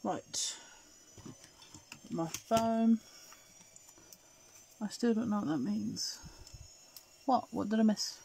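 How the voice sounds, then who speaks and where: A middle-aged woman from Scotland, speaking with an English accent, hosts a live crafting show and chats through viewer comments while working. Her slightly high voice is gravelly and mellow, very slow, with frequent pauses. A little hiss or hum sits in the recording.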